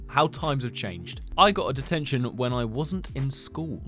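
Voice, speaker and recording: A man's voice: mid-range voice, very animated, normal speed, a bit bright, faint music behind. A young man reading out comments and reacting to them in a casual, sarcastic way, often laughing. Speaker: host.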